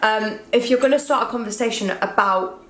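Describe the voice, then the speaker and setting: A young woman chatting casually about relationships in a fairly high voice, emphatic and quick to giggle. Her voice rings a little in an echoey room. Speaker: co-host of a couple's channel. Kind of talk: casual advice chat.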